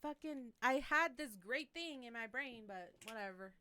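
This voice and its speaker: A young adult woman co-hosts a casual podcast chat in a room where the hosts are watching TV. She tells stories in an animated way, laughing and swearing a lot. Her voice is on the high side and smooth, at a normal speed.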